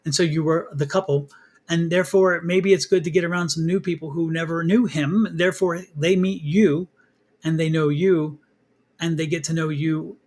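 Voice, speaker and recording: A man's voice: a little high, fairly even intonation, moderate pace, darkish tone. A man hosting a live tarot reading, chatty and teasing, often repeating himself. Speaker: psychic reader and host.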